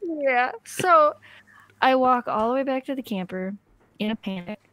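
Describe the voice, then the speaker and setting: Woman podcast co-host, higher voice, animated storyteller, dry close sound. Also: a little slow, no echo. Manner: animated storyteller, laughs often, acts out quoted lines. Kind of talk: casual storytelling chat.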